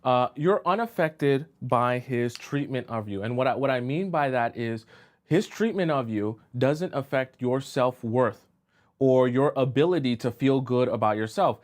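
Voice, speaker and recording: A man's voice: mid-range voice, a little slow. A man giving dating advice as a coach on a live stream. He speaks emphatically and often checks in with "right?" and "okay?".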